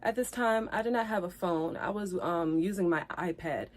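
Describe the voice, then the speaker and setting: A streamer gives her side of a breakup to viewers in a low-leaning voice at moderate pace, upset and on the verge of tears. She addresses them directly, repeats herself, and turns loud and heated recounting the fights.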